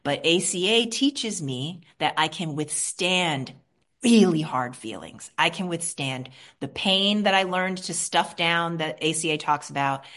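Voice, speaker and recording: A woman from Queens, New York, with a lowish voice and a slightly slow pace, speaks openly about her recovery at a support meeting. Her delivery is animated, alternating between quiet and energetic.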